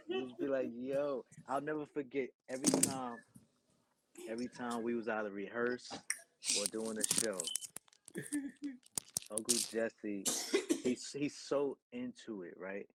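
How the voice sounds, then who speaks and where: A man's voice: mid-range voice, big pitch swings, measured pace, long pauses. A man casually reminiscing, laughing and acting out what a friend used to say. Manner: laughing, acts out quotes. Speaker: group member reminiscing. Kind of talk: casual storytelling. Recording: loud background noise.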